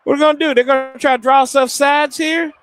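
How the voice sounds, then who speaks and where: A man hosting a live game watch party, reacting excitedly and rambling into jokes. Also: extremely high pitch, quick pace, no room sound, faint music behind. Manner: excitable, rambling, joking, teases the players. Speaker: host of a watch-party stream.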